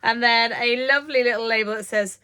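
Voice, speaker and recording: A woman's voice: fairly high pitch, fairly quick, clean tone. A woman in her thirties chatting to camera about sewing from her home sewing room, gushing and chatty, sometimes dropping to a whisper. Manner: gushing, chatty, drops to whispers when excited. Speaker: sewing vlogger. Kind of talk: casual chat to camera.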